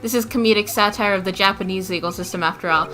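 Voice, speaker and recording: A woman's voice: medium pitch, quick pace, pushed and bright, faint music behind. A young woman streamer giving casual, self-deprecating commentary while playing a game. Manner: chatty, giggly, self-deprecating.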